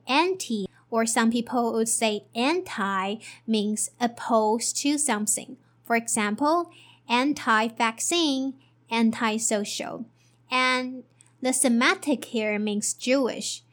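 Slow high-voiced woman teaching English. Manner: spells letters and repeats each word twice.

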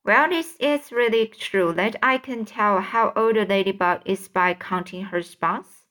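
A polite, wide-eyed young boy, as a woman reads him aloud, full of earnest questions. He speaks slowly and gently at a middling pitch, in a calm storybook reading. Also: lightly acted. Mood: curious.

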